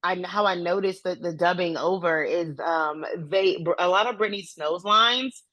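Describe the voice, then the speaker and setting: A woman co-hosting a podcast in casual chat, talking in an animated, emphatic and slangy way. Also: lowish voice, normal speed, no echo. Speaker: podcast co-host.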